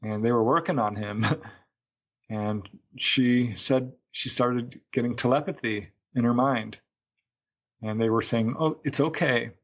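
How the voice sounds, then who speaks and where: A man's voice: mid-range voice, fairly even intonation, unhurried, a bit bright, dull audio. A man, a UFO researcher, recounting a case as a guest in a podcast interview, a chatty storyteller who acts out quotes.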